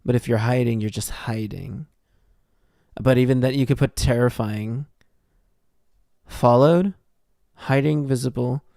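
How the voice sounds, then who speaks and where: A young man with a medium-pitched, gravelly, mellow voice streams a horror game, speaking a little slowly and pausing often. He mutters his way through puzzles while joking around in casual commentary. It's studio-quality audio with no room sound.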